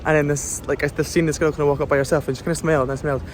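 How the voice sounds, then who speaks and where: A young vlogger films himself on a phone outdoors, rambling casually about his trip with plenty of fillers. He talks at a racing pace in a slightly high, flat voice, with a bit of hiss or hum in the audio.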